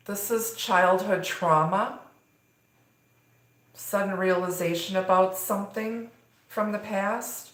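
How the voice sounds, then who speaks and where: A woman's voice: medium pitch, fairly even intonation, takes it slowly, long pauses, fairly bright tone. A woman giving a live tarot reading, talking in a rambling way with many fillers. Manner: rambling, filler-heavy delivery. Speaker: tarot reader. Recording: echoey room.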